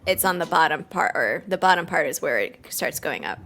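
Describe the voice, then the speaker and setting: A woman's voice: low-pitched, lively intonation, fairly quick, creaky, a bit bright, slight background noise. A woman playing a tabletop game, asking curious questions about the scene. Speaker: player.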